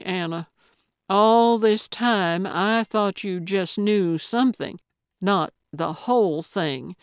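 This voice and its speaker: A woman narrator voicing a blunt, coaxing elderly woman amateur detective in an audiobook, speaking louder and more briskly than her narration. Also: mid-range voice, clean tone, no echo, clean studio sound.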